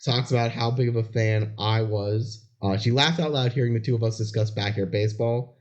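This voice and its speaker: A man's voice: mid-range voice, fairly even intonation, a little fast, a little mellow. A young man co-hosting a podcast, trading dry jokes in casual chat. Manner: dry, joking banter. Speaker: podcast co-host. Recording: dull lo-fi podcast audio.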